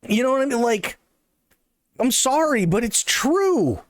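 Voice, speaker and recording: A man's voice: extremely high pitch, very animated, unhurried, no echo, studio quality. A male streamer ranting in casual, profane, sarcastic chat on a live stream.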